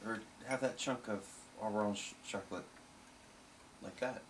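A woman's voice: extremely low pitch, measured pace, a little hiss or hum. A woman at a family tea break, talking with the kids in a casual, coaxing way. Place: castle tea room, indoors.

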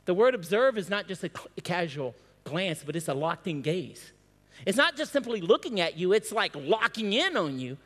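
A man with a high voice delivers a sermon as pastor, stacking rhetorical questions and repeating key phrases. He trips over restarts now and then. The sound carries a long reverb from a large hall. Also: very animated, normal speed, fairly bright tone. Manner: stumbles and restarts on words. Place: church hall.

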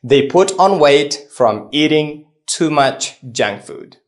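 Slow, measured male English teacher. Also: a little high, expressive. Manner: slow, deliberate explanations with example lists. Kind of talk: scripted lesson narration.

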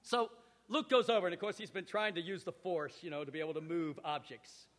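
A male pastor preaching a sermon with animated storytelling, acting out scenes, in a church hall. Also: fairly high pitch, brisk. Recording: echoey hall reverb.

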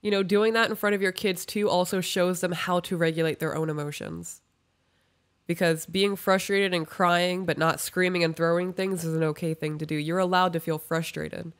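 A woman co-hosting a podcast, giving casual advice and telling candid, animated stories about her own family. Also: fairly low pitch, normal speed. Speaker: podcast co-host reading listener emails.

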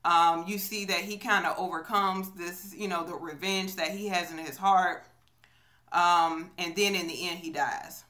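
A woman's voice: on the low side, bright, forceful tone. A woman chatting casually in a movie review vlog, storytelling with many fillers, filmed on a phone on a selfie stick. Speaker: vlogger.

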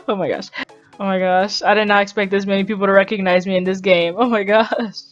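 A woman gaming YouTuber giving casual game commentary, chatty and excitable, rambling along and often laughing. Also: mid-range voice, brisk, highs cut off, soft background music.

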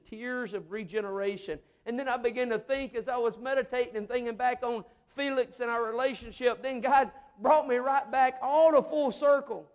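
Man preacher with a high voice, emotive storyteller, preaching from a church pulpit. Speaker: missionary pastor. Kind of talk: sermon. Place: church sanctuary.

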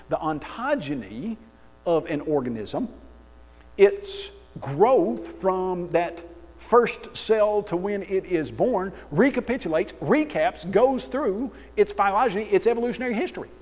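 A man preaching in a church hall, his slightly high voice trailing off into a long reverb. He tells his points as animated, sarcastic stories. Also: normal speed. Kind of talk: sermon. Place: church auditorium.

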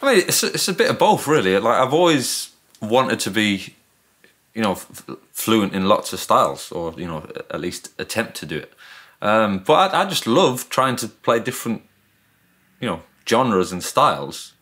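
Northern english guy, lowish voice, rambly and modest, just chatting as a guest. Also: big pitch swings, normal speed, a bit bright. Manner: modest, self-deprecating, rambling. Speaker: guest guitarist. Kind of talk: casual interview chat.

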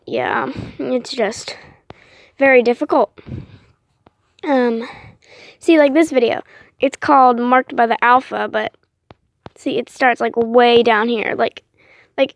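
Woman, high voice, dry close sound, rambling casual vlog, apologetic, filler-heavy, excitable. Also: measured pace, gravelly, long pauses, dry recording. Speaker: vlogger.

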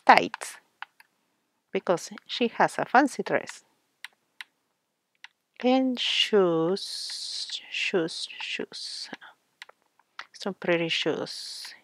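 Slow, soft-spoken woman narrating gameplay. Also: on the low side, no room sound. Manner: soft-spoken, slow, with frequent fillers and small laughs. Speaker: gaming channel host. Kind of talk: casual gameplay commentary.

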